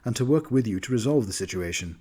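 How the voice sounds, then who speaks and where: A man's voice: mid-range voice, lively intonation, fast, a little mellow, slightly rough. A man voicing a pleading noblewoman adventurer.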